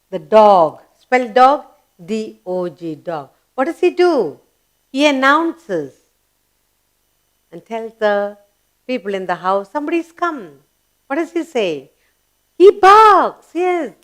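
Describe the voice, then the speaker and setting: Slow-spoken woman teacher. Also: medium pitch. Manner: asks and answers own questions, spells words letter by letter; emphatic, coaxing classroom delivery. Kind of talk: children's grammar lesson.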